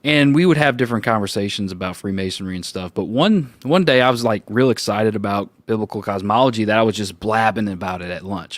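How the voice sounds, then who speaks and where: Animated man telling a story, dry room. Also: mid-range voice, fast, dry recording. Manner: animated storyteller, acts out quoted voices, laughs often. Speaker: roundtable co-host. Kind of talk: casual storytelling.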